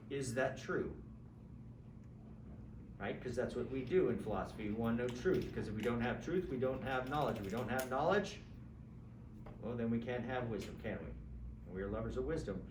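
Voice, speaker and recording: A man teaching an introductory philosophy class in a conversational, lively way, acting out examples and checking in with students. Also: mid-range voice. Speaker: philosophy lecturer. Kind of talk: classroom lecture. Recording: roomy, distant mic with faint background hum.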